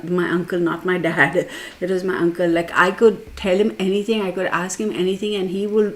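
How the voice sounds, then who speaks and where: Chatty woman hosting a tarot livestream. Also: fairly low pitch. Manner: rambling, chatty, reads viewer comments aloud; laughs as she tells a personal story. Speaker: tarot live stream host. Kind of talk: casual live stream chat.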